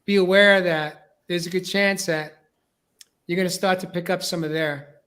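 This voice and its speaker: High-voiced host from New York. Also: male voice, fairly even intonation, normal speed, sharp tone. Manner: rambling, repeats words while building points. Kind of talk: casual podcast discussion.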